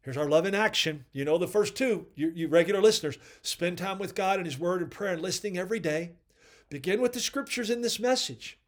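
A man's voice: sits high, animated, a little fast. A man hosting a devotional podcast, earnestly preaching and commenting on quoted readings. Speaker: podcast host.

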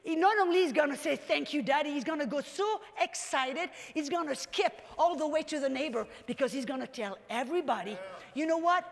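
A woman preacher giving an animated sermon that builds up to shouts. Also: high-pitched, a little fast, long reverb tail.

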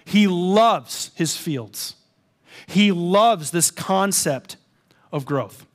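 A man preaching a sermon, with a high, lively voice. He tells a story in a casual, self-deprecating way, then turns to earnest exhortation. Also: extremely slow. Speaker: pastor.

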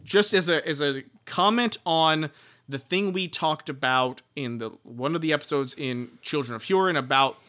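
Podcast co-host, male, bright and a little high, chatty, rambling, restarts. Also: normal speed. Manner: rambling, laughing, lots of restarts. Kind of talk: casual book-discussion podcast.

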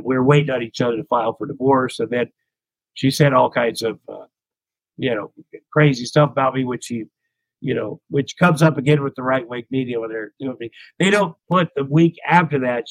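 A man's voice: medium pitch, no echo, dull audio. Rambling middle-aged man, dry close sound. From United States. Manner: rambling, self-deprecating, frequent restarts. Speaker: interview guest, comedian. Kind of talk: candid anecdotal storytelling.

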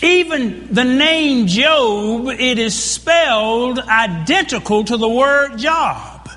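A man's voice: very high-pitched, slow, sharp tone. A man preaching a sermon, emphatic and full of rhetorical questions to the congregation. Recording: reverberant hall sound.

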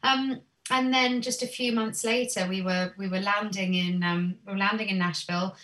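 A woman, a singer, telling stories from her career in a chatty, animated way with many "um"s. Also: medium pitch, moderate pace, distant mic. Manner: animated storyteller, many "um"s, laughs easily. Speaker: guest singer. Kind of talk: casual interview chat.

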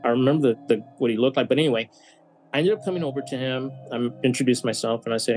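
A man's voice: medium pitch, quick pace, darkish tone. A man from San Antonio, Texas, telling stories as a podcast guest in a rambling way, full of filler phrases and restarts. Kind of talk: casual storytelling.

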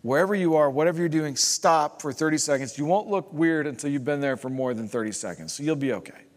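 A man preaching a sermon as pastor, emphatic and repeating phrases for rhythm, building to loud climaxes. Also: a little high, fast. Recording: long hall reverb.

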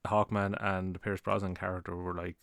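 Man, blunt profane ranting, dry close-mic sound, lowish pitch. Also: flat delivery, brisk, creaky, fairly bright tone, no room sound. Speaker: podcast co-host. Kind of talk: casual chat. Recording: very close to the mic, breathing audible.

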